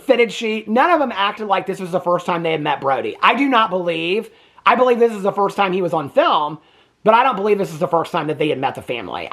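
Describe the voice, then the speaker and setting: A man's voice: sits high, fairly bright tone. Sassy, rambling man reacting to TV. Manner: chatty, rambling, sassy, swears freely. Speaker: TV reaction vlogger. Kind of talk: casual reaction commentary.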